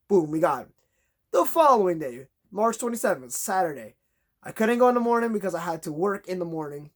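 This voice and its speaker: A vlogger telling a long, exasperated story in a casual rant, acting out conversations in a raised voice. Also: mid-range voice.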